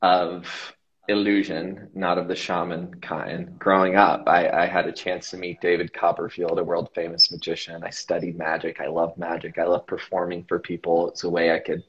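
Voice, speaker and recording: A man from the United States, a guest in an interview, telling a personal story in a reflective, halting way with many fillers. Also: deep voice, completely flat delivery. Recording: dull lo-fi sound.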